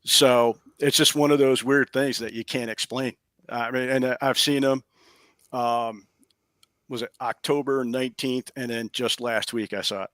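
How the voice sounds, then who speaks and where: Guy telling a spooky story on a video call, lively, dry sound. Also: medium pitch, moderate pace, dry recording. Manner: animated, chuckling storyteller. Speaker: guest, paranormal investigator. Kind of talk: casual storytelling. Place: home office upstairs.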